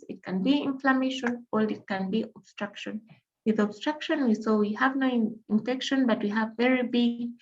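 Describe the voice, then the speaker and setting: Woman, medical lecture, patient explaining, dull low-fidelity sound. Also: a little mellow. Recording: dull lo-fi recording.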